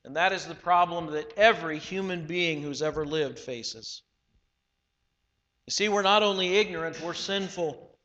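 High-voiced preacher in a reverberant hall. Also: male voice, sharp tone, dull audio. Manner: measured, emphatic preaching with slowed phrases. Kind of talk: sermon.

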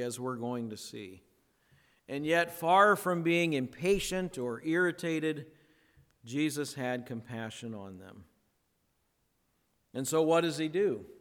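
Slow-preaching man in a reverberant hall. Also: fairly high pitch, a bit bright. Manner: slow, conversational preaching with playful voiced asides. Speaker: pastor. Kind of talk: sermon.

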